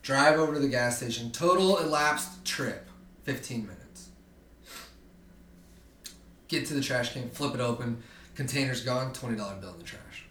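A young man, a podcast guest, telling a story in an animated, profane way and acting out the other people in it. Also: mid-range voice, moderate pace, pauses often. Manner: profane, animated, acts out quoted voices. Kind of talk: casual storytelling. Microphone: distant from the mic. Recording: roomy, distant mic, faint background noise.

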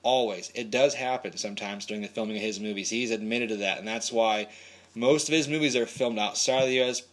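Man, lowish voice, profane rambling movie recap host, laid-back delivery. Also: fairly quick, a bit bright.

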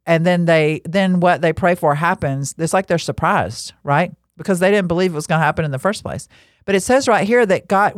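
A middle-aged woman with a slightly low voice, teaching scripture in a chatty, animated way. She keeps her talk loose and conversational, slipping funny personal stories in between verses. The recording is close and dry, with no room sound. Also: no room sound. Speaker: podcast Bible teacher.

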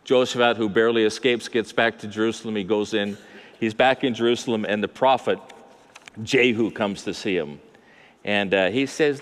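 An older man preaching to his congregation, mid-pitched and conversational, tossing in asides and rhetorical questions. His voice rings out with a long hall reverb, as if recorded in a large church. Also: normal speed. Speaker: pastor. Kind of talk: sermon.

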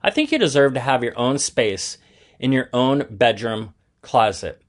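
A man's voice: mid-range voice, very animated, a little slow. A man reading aloud and voicing a patient, fair mother explaining things to her sons in a children's story.

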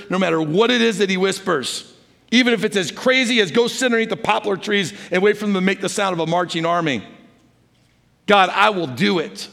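A middle-aged man preaching a sermon as a pastor, earnest and exhorting, swinging between loud urging and hushed intensity. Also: high-pitched. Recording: long hall reverb.

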